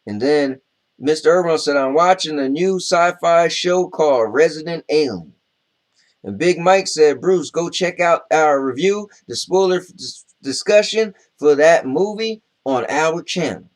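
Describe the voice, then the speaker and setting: A man's voice: fairly high pitch, unhurried, lightly acted. A man playing Duke, a brash, boastful Southern man with a Southern US accent, co-hosting a comedy show and bragging through the viewer comments. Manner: boastful, blustery, laid-back drawl. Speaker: co-host. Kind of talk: comedic character chat reading comments.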